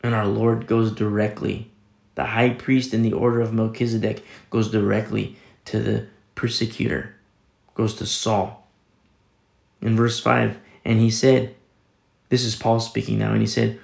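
A man's voice: fairly low pitch, completely flat delivery, unhurried, gravelly, reverberant. A man pastor giving a conversational Bible teaching sermon, rambling with many restarts and sudden emphatic rises.

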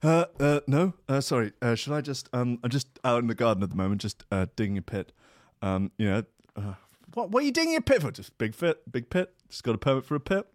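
A man doing an impression of a famous man who is awkward and evasive, halting and full of ums. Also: mid-range voice, big pitch swings, no room sound, studio quality, lightly acted.

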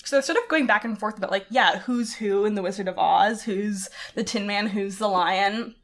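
This podcast co-host is a woman with a mid-range, slightly bright voice at a normal pace. She chats casually and animatedly about a story, laughing often and using plenty of filler words.

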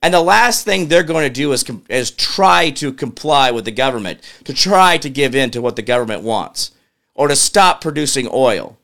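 This man hosts a political commentary show, ranting in frustration and quizzing his audience while muttering to himself at a computer. His medium-pitched voice is gravelly and fairly bright, with lively intonation at a normal pace.

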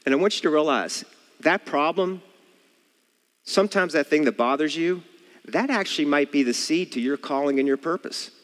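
A man's voice: a little high, lively intonation, moderate pace, in a large hall. A man preaching a sermon, earnest and asking the listeners rhetorical questions.

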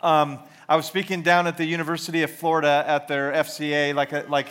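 Guy in his 40s giving a chatty sermon, kinda high voice, lots of ums and restarts, pokes fun at himself. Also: little pitch movement, fast talker, noisy background. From Georgia, US. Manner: rambling, self-deprecating, many fillers and restarts. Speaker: youth ministry speaker. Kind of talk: casual sermon with storytelling.

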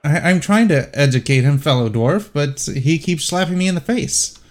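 A man's voice: on the high side, expressive, moderate pace, close to an everyday voice. A man voicing an earnest, preachy male dwarf cleric who stammers and pleads eagerly.

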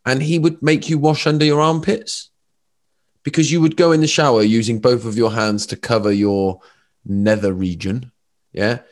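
A man, telling lively stories as a podcast guest. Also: mid-range voice, moderate pace. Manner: animated storyteller, lots of fillers. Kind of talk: casual chat.

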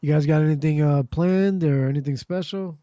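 A man's voice: fairly high pitch, normal speed, dark tone, no echo, clean studio sound. A man hosting a casual group call, asking questions and bantering with laughter. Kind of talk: casual chat.

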